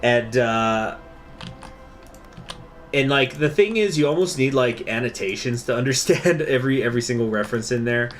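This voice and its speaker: A man's voice: medium pitch, normal speed, soft background music. A man streaming a strategy game, rambling and digressing through casual commentary. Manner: rambling, digressive, filler-heavy. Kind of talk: casual gameplay livestream commentary.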